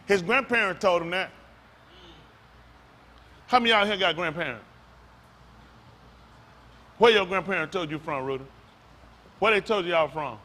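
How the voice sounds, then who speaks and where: A male pastor preaching loudly and quizzing his congregation, asking questions and calling on listeners. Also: high voice, normal speed, long pauses. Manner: loud, rhetorical, questions the congregation. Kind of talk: sermon with audience back-and-forth. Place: congregation hall.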